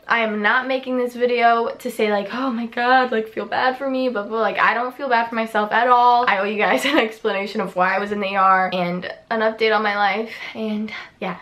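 A seventeen-year-old girl telling a storytime in a casual vlog, chatty and full of fillers and quick asides, in a small bedroom. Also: mid-range voice, fairly bright tone. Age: teens. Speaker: vlogger. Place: small echoey bedroom indoors.

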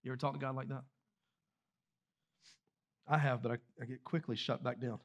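A man's voice: mid-range voice, steady tone, normal speed, long pauses, lo-fi sound. A man preaching a sermon as pastor, talking loosely and directly to his congregation with rhetorical questions and repeated words. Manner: repeats words and restarts phrases while speaking freely. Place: church sanctuary.

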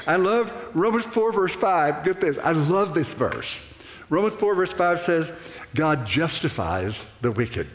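An older man preaching a sermon to a congregation, animated and rambling, with restarts and acted-out asides. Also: high voice, a little hiss or hum. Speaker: pastor. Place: church sanctuary. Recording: echoey church hall.

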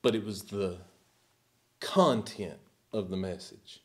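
A man's voice: on the low side, slow. A man preaching a sermon as pastor, emphatic and at times sarcastic.

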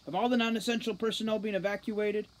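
A woman voicing a stern male elf police commander who barks orders forcefully. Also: medium pitch, steady tone, fast talker, voice pushed up, close to an everyday voice, rough recording. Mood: tense.

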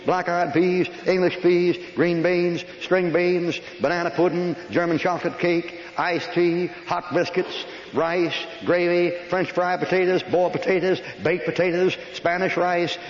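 A folksy preacher with a fairly high voice, joking with his congregation and rattling off long lists. He speaks in a church hall with long, booming reverb. The old recording sounds dull and lo-fi, with faint hiss underneath. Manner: folksy, joking, rapid listing. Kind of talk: folksy sermon.

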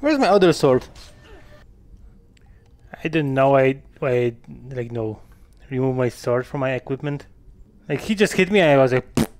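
A man giving casual gameplay commentary, excitable, swearing and laughing often with sudden loud outbursts. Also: medium pitch, normal speed, long pauses, slight background noise. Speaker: gamer.

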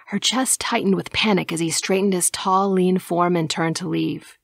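A woman narrating an audiobook in a slow, measured reading style. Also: fairly low pitch, steady tone, gravelly, dry recording, studio quality. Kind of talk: scripted narration.

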